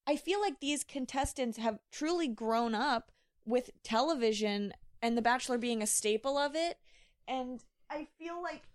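Young woman, podcast chat, playful, lots of fillers, slightly high, dry sound. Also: dry recording. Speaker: podcast co-host. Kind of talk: casual chat.

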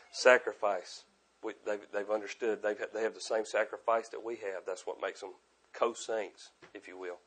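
Middle-aged guy preaching, kinda low voice, keeps repeating himself, gets loud then drops real quiet. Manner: earnest, repetitive, swings between loud emphasis and quiet asides. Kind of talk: sermon.

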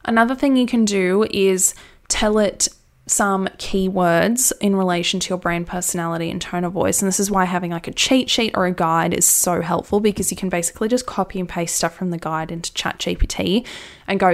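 A woman's voice: lowish voice, fairly even intonation, brisk. A woman giving a casual, enthusiastic how-to talk about writing content, chatty and full of fillers. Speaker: brand copywriting coach.

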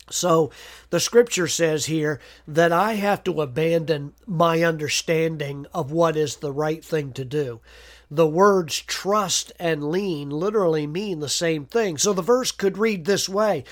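A man's voice: a little high, a little slow. A man preaching a devotional sermon, earnest, with frequent "uh" fillers and repeated words. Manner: earnest, reads scripture aloud with emphasis.

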